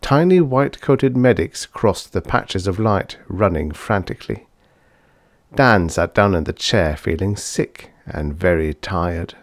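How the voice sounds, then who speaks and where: Low male narrator for a vintage sci-fi audiobook, measured delivery, dry close studio sound. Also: expressive, no echo. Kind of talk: scripted narration.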